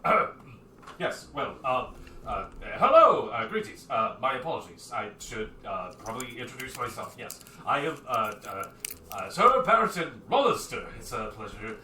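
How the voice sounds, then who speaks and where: A man's voice: on the low side, expressive, measured pace, pushed and bright, echoey room, recorded from a distance, slight background noise. A man voicing a flustered, awkward human knight who stammers and speaks with stiff formality. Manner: stammering, overly formal, full of "uh"s.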